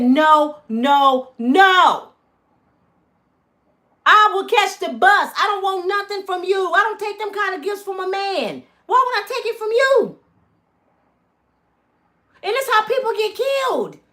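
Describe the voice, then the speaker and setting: Heated high-voiced woman ranting to viewers. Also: pushed and bright. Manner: heated, emphatic, addresses viewers as y'all. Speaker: channel host. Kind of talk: angry vlog rant to viewers.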